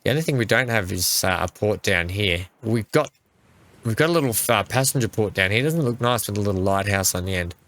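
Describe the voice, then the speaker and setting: A man narrates his game session in a casual, chatty way, scolding and cheering the vehicles on screen. His voice sits low but has a bright, forceful edge. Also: animated, brisk. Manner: chatty, talks to the game's vehicles. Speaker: gaming channel host. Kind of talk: let's play commentary.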